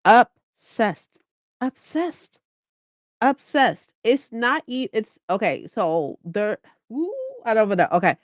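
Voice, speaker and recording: A young woman chatting casually about a book she's reading, excitable, swearing often and acting out lines. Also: medium pitch, normal speed, hardly any pauses, no room sound, studio quality. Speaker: streamer hosting a reading session.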